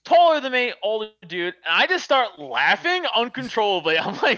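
Man, high and lively voice, bright tone, profane, laughing storyteller, dull dry sound. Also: moderate pace, few pauses, dry recording. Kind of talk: casual storytelling.

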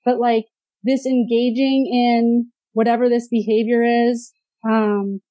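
A woman's voice: a little high, level tone, slow, warm tone, no echo, highs cut off. A woman therapist in casual podcast conversation, chatty, with many filler words and brief mimicking of parents.

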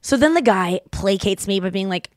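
A woman's voice: medium pitch, moderate pace, no echo, studio quality. Woman telling a rambling story. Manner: animated, rambling anecdote-telling with frequent swearing. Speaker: podcast co-host. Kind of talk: casual storytelling chat.

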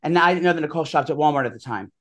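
A man's voice: on the high side, a bit bright. A man co-hosting a podcast, telling gossipy stories in a casual chat. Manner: rapid-fire gossipy storytelling. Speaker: podcast co-host.

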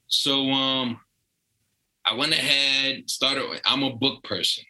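Bright-voiced New York man telling stories. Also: mid-range voice, takes it slowly, low-quality recording. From Brooklyn/Long Island, New York. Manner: animated, acts out quoted voices. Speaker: guest comedian. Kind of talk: casual storytelling.

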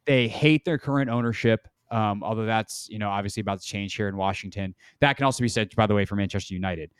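A man's voice: lowish voice, fast talker, smooth, no echo, studio quality. A man hosting a sports podcast, chatting casually and rambling with lots of "um" and "like". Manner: rambling, heavy on "um" and "like". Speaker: sports radio and podcast host.

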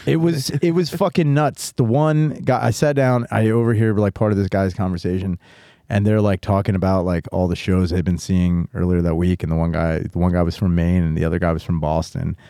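A man's voice: deep voice, flat delivery, fairly quick, dark tone, no echo, studio quality. A man telling a long rambling story as a podcast guest, with lots of swearing and "like". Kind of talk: casual chat.

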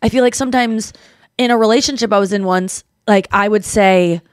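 A woman's voice: mid-range voice, brisk, clean tone, no echo, studio quality. A woman in her thirties hosting a podcast, chatting casually and animatedly, acting out the people she quotes. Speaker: podcast host. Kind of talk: casual comedic chat.

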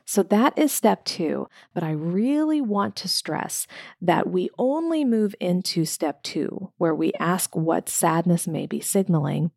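A woman coach giving a calm, measured lesson on guiding clients, with gentle repetition. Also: fairly low pitch, gravelly, no room sound, studio quality. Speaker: coach trainer. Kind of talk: instructional talk.

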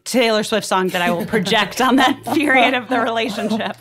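A young woman hosting a casual book discussion, thinking out loud with frequent restarts. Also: on the high side, brisk, a crowd in the background. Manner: thinks aloud with restarts, animated.

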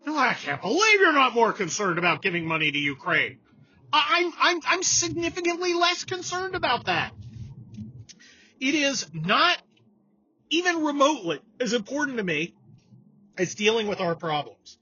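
A man talking through a casual political chat, his voice husky and bright, his pitch swinging widely as he rants and mocks. The recording sounds dull and lo-fi. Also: moderate pace, slight background noise. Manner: sarcastic, animated, mocking impressions. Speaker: podcast host.

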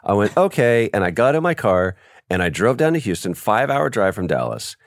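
A man being interviewed as a voice actor, telling stories in a casual, animated way and acting out quoted lines over a video call. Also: lowish voice, brisk, vocal fry, dry recording, studio quality. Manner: animated storyteller, acts out quotes. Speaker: guest, voice actor. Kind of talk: casual podcast interview storytelling.

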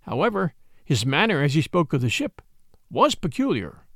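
Male storyteller, measured and expressive, dry close recording. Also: fairly high pitch, no room sound. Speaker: narrator. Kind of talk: reading a ghost story aloud.

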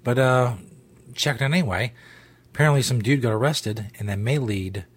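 A man's voice: mid-range voice, normal speed, slightly rough. A male host chatting casually on his comedy show, wry and laid-back, with the odd swear.

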